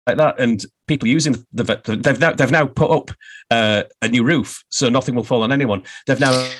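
A man's voice: mid-range voice, fairly bright tone. Give me a man as an interview guest, wry, stumbling over restarts. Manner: halting, many restarts, wry with frequent laughs. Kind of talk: casual interview chat.

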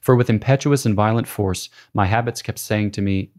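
A priest reading a spiritual classic aloud in a measured, solemn way. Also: male voice, lowish voice, darkish tone.

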